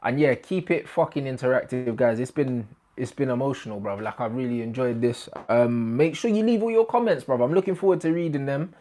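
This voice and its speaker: Young male host, casual football banter, excitable and slangy. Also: mid-range voice, brisk, few pauses. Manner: animated slang-heavy banter, bursts of excitement. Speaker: YouTube host. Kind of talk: casual football chat to camera.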